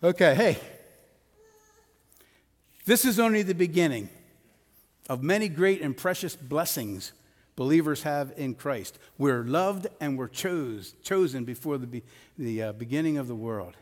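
A man's voice: on the high side, animated, unhurried, pauses often. A middle-aged man preaching a sermon as pastor in a church sanctuary, conversational, with personal stories and light jokes. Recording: long hall reverb of a church.

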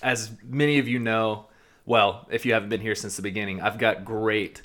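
A man co-hosting a podcast in casual chat, spinning excited fan theories in a blunt, profane way. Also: fairly low pitch, moderate pace. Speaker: podcast co-host.

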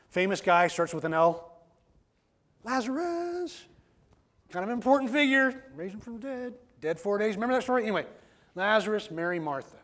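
A man's voice: fairly high pitch, fairly bright tone. Man preaching in a conversational style. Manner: conversational preaching with many questions to the listeners. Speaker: pastor. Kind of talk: sermon.

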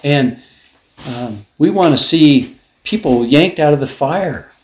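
A man's voice: a little high, animated, slow pace. A man leading a casual church group discussion, talking informally with many fillers and restarts. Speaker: Bible study leader. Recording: echoey room, faint background noise.

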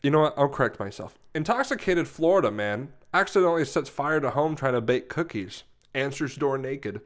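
A man's voice: mid-range voice, lively intonation, brisk. A man co-hosting a casual podcast, reading odd news stories aloud and often laughing. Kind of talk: casual chat.

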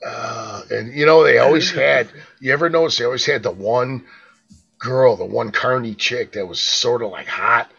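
A man's voice: medium pitch, moderate pace, vocal fry, a bit bright, slightly rough, muffled recording. A man co-hosting a podcast, telling stories in a laid-back way, swearing and tossing in "man" and "dude". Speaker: podcast co-host. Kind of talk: casual chat, storytelling.

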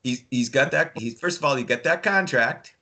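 Casual sports chat from a hockey writer who's a podcast regular: he talks hockey with dry sarcasm, rambles, and leans on many fillers. His voice is medium pitch with a sharp tone at normal speed.

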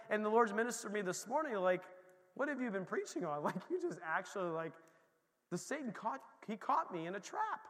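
High-pitched guy preaching, chatty then loud and punchy, long reverb like a big church hall. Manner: animated, conversational, swings between quiet asides and emphatic points. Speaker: pastor. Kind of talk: sermon.

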